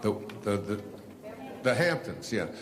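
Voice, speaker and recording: A man's voice: on the low side, very animated, measured pace. An older man, an author telling a rambling story to an audience, full of fillers and restarts. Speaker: author and speaker.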